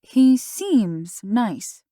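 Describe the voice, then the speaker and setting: A woman voicing a worried, gentle mother who questions her daughter in a soft, coaxing way. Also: medium pitch, moderate pace, no room sound, studio quality, natural voice. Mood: probing.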